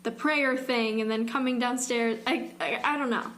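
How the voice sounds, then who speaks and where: A woman's voice: on the high side, steady tone, moderate pace, a bit bright, a little hiss or hum. A young woman co-hosting a podcast, chatting casually about a true-crime case and filling her speech with "like". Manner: rambling, fills speech with "like". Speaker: podcast co-host.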